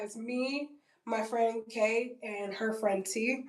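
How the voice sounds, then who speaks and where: A woman's voice: on the high side, slow, a little mellow. A woman in her twenties telling a story in a casual, blunt vlog, with frequent fillers and swearing. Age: 20s. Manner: chatty and blunt, heavy on "like" and swearing. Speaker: vlogger. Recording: roomy, distant from the mic.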